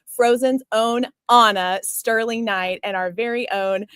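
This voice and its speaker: A woman's voice: fairly high pitch, steady tone, unhurried, fairly bright tone, clean tone, no room sound. A woman hosting a talk show and interview, gushing and effusive as she speaks. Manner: effusive and gushing, easily choked up. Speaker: show host.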